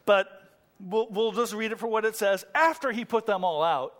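High-voiced pastor guy preaching in church, goes loud and excited then real quiet. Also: normal speed. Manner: swings from excited emphasis to hushed intensity. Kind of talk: sermon. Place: church room.

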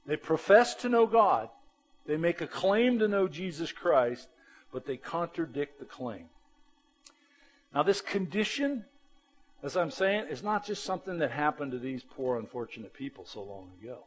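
A man preaching a sermon as a pastor, animated and emphatic, with a plain-spoken way of talking. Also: a little high, moderate pace, breathy edge, faint music behind, low-quality recording.

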